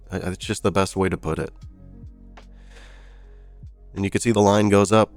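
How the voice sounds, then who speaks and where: A man with a deep voice runs a casual news commentary show, breaking off from the headlines into sarcastic, disbelieving remarks. Faint music sits under his talk. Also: fairly even intonation, normal speed, pauses often, a little mellow. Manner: sarcastic, incredulous asides.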